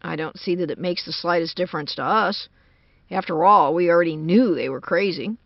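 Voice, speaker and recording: A woman doing a gruff skeptical Southern man. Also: fairly low pitch, a little fast, dry recording. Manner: dry, growling, sardonic. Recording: dull lo-fi dry recording.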